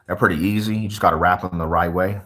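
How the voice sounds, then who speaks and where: A man's voice: low-pitched, steady tone, quick pace, bright, forceful tone. A young man from Colorado chatting casually with viewers on a livestream, laid-back and full of street slang. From Colorado, USA.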